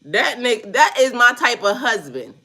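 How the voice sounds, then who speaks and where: A woman giving casual, profane reaction commentary on a news clip, laughing often and talking in a loud, playful way. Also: fairly high pitch, very animated, moderate pace.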